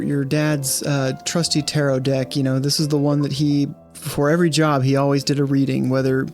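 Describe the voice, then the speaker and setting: A man's voice: on the high side, darkish tone. A man running a tabletop game as game master, rambling with many fillers and reading out prepared scene text.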